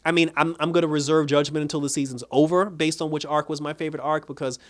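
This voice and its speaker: Guy with a higher voice doing a laid back episode review, animated, laughs a lot. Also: fast talker. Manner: animated, laughing often, retells scenes by quoting the characters. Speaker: TV show reviewer. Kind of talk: casual episode recap and review.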